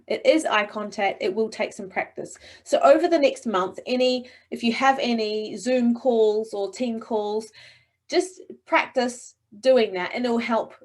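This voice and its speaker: A middle-aged woman coaching speakers in a webinar, encouraging and expressive, talking over a video call. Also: medium pitch. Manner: encouraging, expressive, demonstrates voices. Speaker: presentation coach.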